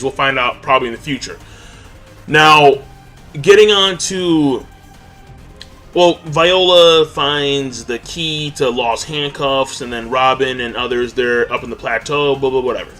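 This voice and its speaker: A man's voice: on the high side, pushed and bright. A man giving a casual, rambling recap of an anime episode, full of slang and filler words. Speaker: anime reviewer.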